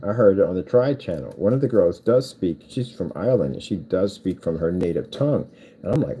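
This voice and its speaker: A low-voiced man rambles as he works on a build, half talking to himself. His pitch rises and falls a lot. Steady noise and clicking run behind him. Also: a little fast. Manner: meandering, talks to himself while working. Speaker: vlogger building cardboard PC cases. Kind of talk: casual rambling chat while crafting.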